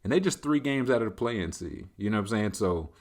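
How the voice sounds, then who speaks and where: A man's voice: fairly low pitch, animated, a little fast. A man hosting a casual solo chat, answering listener questions in a loose, rambling way. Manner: loose, rambling, conversational, leaning on filler tags. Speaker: host.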